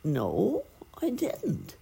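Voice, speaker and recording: A woman's voice: medium pitch, huge pitch swings, very slow, creaky, dark tone, breathy edge, pitched above the performer's own voice, full character voice. A woman voicing an anxious, timid male sparrow who stammers and frets, in a storybook reading. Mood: hesitant. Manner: worried, stammering, sniffly.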